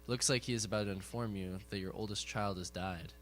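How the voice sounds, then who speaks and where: A man from the audience reading a prepared text aloud with a steady, careful delivery. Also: lowish voice, fast talker, faint music behind.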